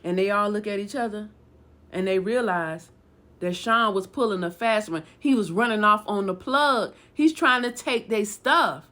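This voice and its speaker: A woman casually telling a true story, animated and acting out the dialogue as she goes. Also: medium pitch, moderate pace.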